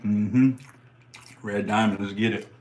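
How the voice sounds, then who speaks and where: A man's voice: on the low side, steady tone, a little slow, a little mellow, a little hiss or hum. A man hosting a live stream, giving casual commentary in slangy, profane, hyped-up banter.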